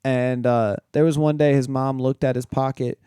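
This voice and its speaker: A young man with a mellow, smooth voice, recorded close and dry. He tells stories in a laid-back way, swears freely and acts out quotes now and then. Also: medium pitch, level tone, normal speed, dry recording. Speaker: podcast co-host. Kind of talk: casual chat.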